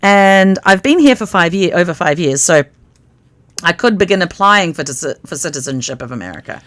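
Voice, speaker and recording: A woman with a New Zealand accent, co-hosting a casual live-stream chat in a thoughtful, soft-spoken way. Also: fairly low pitch, lively intonation, moderate pace. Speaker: co-host.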